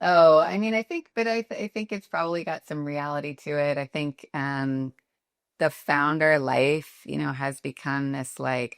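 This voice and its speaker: Low-voiced woman, candid and chatty. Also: moderate pace, creaky, smooth, no room sound, studio quality. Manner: candid, chatty, many fillers. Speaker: guest, company founder and CEO. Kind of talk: casual interview answers.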